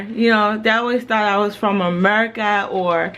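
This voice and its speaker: A woman's voice: medium pitch, fairly even intonation, normal speed, a bit bright, lo-fi sound. A woman in her thirties from Jamaica, chatting casually to camera in a home vlog, rambling and full of "you know"s. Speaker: family vlogger.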